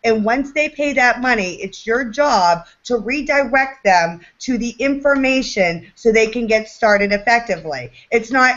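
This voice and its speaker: A woman's voice: on the high side, expressive, a little slow, few pauses, fairly bright tone, highs cut off. Direct woman coaching on a group call. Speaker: network marketing leader.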